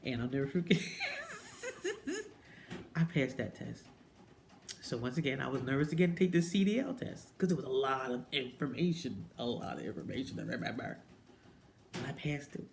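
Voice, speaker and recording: Gravelly-voiced woman telling a lively story. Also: fairly quick, slight background noise. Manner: animated storyteller who mimics people with high-pitched quotes and drops into whispers. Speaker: direct-sales jewelry consultant. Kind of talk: casual personal vlog monologue.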